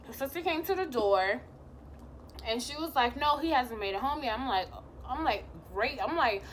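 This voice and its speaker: A woman's voice: a little high, a bit bright. A young woman vlogger telling a personal story in casual chat, acting out the quotes and swearing freely. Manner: chatty, acts out quotes, swears.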